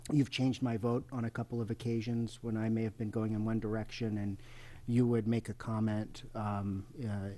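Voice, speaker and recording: Low flat-voiced man, hesitant tribute. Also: moderate pace. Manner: hesitant, many uh and um fillers. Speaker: school board member. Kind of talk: formal tribute speech. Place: public meeting room.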